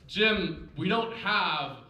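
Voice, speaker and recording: An exasperated starship captain, lecturing in a lively, rising-and-falling voice, as a comedian acts him. The sound is echoey, as if from a stage mic in a room. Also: male voice, sits high, drawn-out words, far from the mic, heavily acted.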